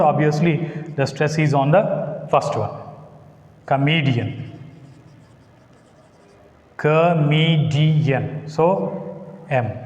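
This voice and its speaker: A man's voice: fairly high pitch, darkish tone, echoey room, big-room sound, lo-fi sound. A man teaching English with an Indian English accent, spelling out letters, repeating words and checking "got it?". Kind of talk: classroom lecture.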